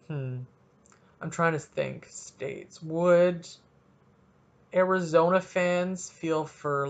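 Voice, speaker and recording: Rambling high-voiced man hosting a podcast. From Canada. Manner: rambling, jokey, thinks out loud. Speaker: podcast host. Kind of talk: solo casual podcast. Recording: dull lo-fi recording.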